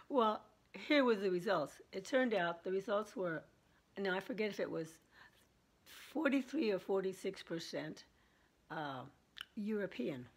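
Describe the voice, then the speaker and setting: A woman in her seventies with a husky voice, chatting and laughing as she tells stories to her vlog viewers. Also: mid-range voice, expressive, a little slow. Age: 70s. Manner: chatty, laughs often while telling. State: throat trouble. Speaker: vlogger. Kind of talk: casual storytelling chat.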